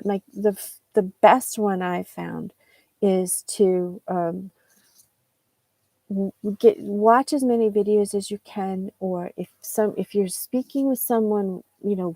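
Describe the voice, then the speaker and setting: A woman's voice: mid-range voice, warm tone, no echo. A woman with a New England American accent giving a chatty live-stream English lesson, rambling with many fillers and restarts. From United States. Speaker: English teacher.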